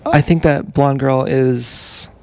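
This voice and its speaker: Gravelly-voiced man rambling on a livestream. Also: mid-range voice, fairly even intonation, darkish tone. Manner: meandering, halting storytelling with many fillers. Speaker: streamer.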